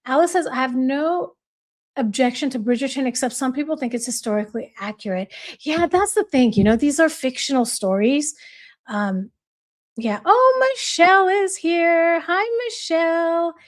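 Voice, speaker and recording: A woman with a bright, high voice chats casually on her own livestream. She reads out viewer comments and greets each viewer by name. She is bubbly and laughs easily. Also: lively intonation, normal speed. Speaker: livestream host.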